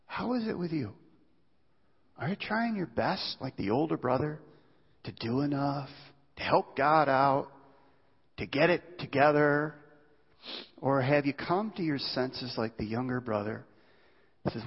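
Husky male pastor in a reverberant hall. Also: unhurried, pauses often. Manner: earnest, pleading, often dropping to a hushed low voice. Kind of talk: sermon. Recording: dull sound in a reverberant hall.

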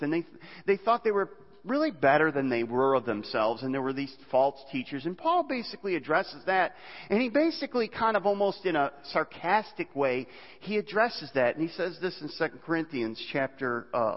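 A man's voice: medium pitch, sing-song, normal speed. A man preaching a conversational sermon as a pastor, with frequent fillers and restarts. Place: church. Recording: dull hall reverb.

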